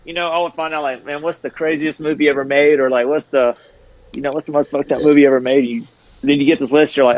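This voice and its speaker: A man's voice: a little high, steady tone, quick pace, a little mellow, dry recording. A middle-aged man, a former tour manager, chatting casually on a podcast in a rambling, laid-back way. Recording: slightly dull lo-fi audio.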